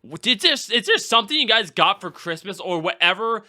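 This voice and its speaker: His voice sits high and his delivery is brisk. The man hosts a podcast, chatting casually while telling animated stories and acting out what people said.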